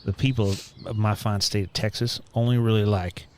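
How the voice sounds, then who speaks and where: A man's voice: fairly low pitch, steady tone, normal speed, a little mellow, slight background noise. A man playing a tabletop game who jokes in a wry, mock-earnest way. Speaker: player. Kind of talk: tabletop role-play banter.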